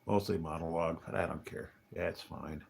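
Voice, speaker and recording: A man with a low, gravelly voice rambles through a casual livestream monologue. He is wry and grumbling, and he drops muttered asides with dry chuckles. Faint noise hums behind him. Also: steady tone, fairly quick, darkish tone. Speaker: livestreaming vlogger. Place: hotel.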